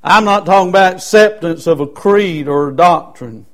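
Baptist pastor, high voice, preaching hard, repeats himself, lots of uhs. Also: male voice, moderate pace, fairly bright tone. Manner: emphatic preaching with repetition and fillers. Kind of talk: sermon.

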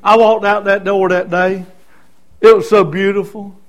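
A man preaching a sermon as a personal testimony, in a folksy way, going from soft, quiet stretches to loud shouted peaks. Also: high voice, flat delivery, unhurried.

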